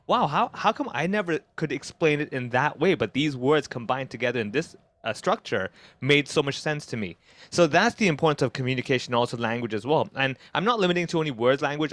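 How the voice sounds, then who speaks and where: A man in his thirties, a comedian giving lively conversational interview answers and acting out quoted voices. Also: no echo. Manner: animated, acts out quoted voices with big pitch jumps. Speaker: comedian guest. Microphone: video call.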